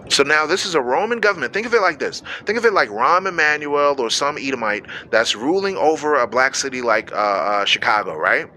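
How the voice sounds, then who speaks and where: Conversational preacher man, bright voice. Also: on the high side, big pitch swings, fast, hardly any pauses, a little hiss or hum. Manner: conversational, acts out quoted voices, slangy asides to listeners. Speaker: radio preacher. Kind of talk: sermon with scripture reading.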